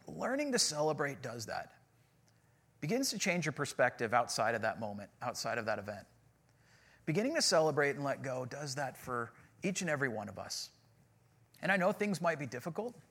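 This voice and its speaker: A man's voice: mid-range voice, very animated, a little fast, a bit bright, slightly rough. A man in his forties preaching a sermon in a casual, storytelling way with self-deprecating humor. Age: 40s. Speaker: pastor.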